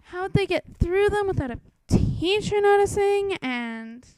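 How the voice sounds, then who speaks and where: A woman's voice: very high-pitched, lively intonation, a little slow, darkish tone, poor audio. A young woman chatting about a book she is reading, asking nitpicking questions in a casual, quizzical way. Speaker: book commentator. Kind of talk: casual spoken book commentary.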